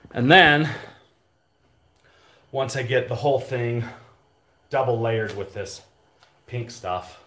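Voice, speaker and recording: A man's voice: on the low side, a bit bright, a little hiss or hum. A man out of breath, casually explaining his work as he goes, chatty and rambling. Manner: chatty, rambling, jokey asides. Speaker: DIY vlogger. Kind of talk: casual how-to narration while working. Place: unfinished shed, indoors.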